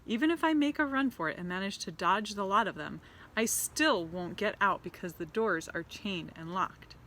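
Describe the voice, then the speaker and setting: A woman's voice: medium pitch, animated, normal speed, pushed and bright. A woman reading a storybook aloud voices a frightened little boy who thinks he is trapped. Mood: despairing. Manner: panicked.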